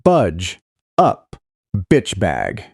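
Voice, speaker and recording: A man's voice: sits low, wildly swooping pitch, drawn-out words, creaky, darkish tone, slightly rough, no room sound, clean studio sound, heavily acted. A man doing a sneering teenage bully, raised and mocking. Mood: taunting. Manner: taunting, mocking.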